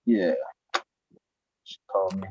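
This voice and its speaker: A man's voice: sits low, steady tone, slow pace, warm tone, a little hiss or hum. A man telling a rambling story in casual chat, swearing often and laughing as he talks. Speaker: podcast guest. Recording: dull lo-fi sound.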